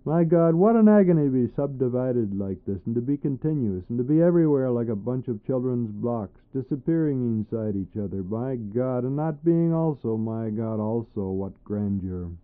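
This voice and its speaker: A man reading his own poems aloud, dramatic, leaping between loud high bursts and low murmured phrases. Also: animated, moderate pace, hardly any pauses, smooth. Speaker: poet. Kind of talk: poetry reading. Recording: tinny narrow-band recording.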